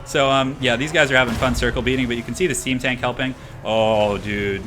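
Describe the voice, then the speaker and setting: A young man streaming a strategy game, commentating in a chatty, excitable, slangy way, tired and a little out of breath. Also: mid-range voice, fairly quick, over music. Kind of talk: casual live-stream commentary.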